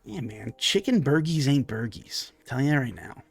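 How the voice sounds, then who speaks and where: A man's voice: mid-range voice, very animated, normal speed, gravelly, husky, dry recording, heavily acted. A man voicing a nervous, greasy male halfling cook on his first shift, hesitant and fumbling, full of uhs and sudden curses. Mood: gossipy.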